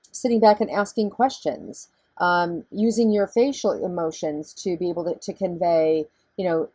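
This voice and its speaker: A middle-aged woman lecturing in a relaxed, conversational way. Her voice sits low and sounds husky, with a mellow, soft edge. The recording is dry and close, with no room sound. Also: dry recording. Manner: conversational, explaining step by step. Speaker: professor.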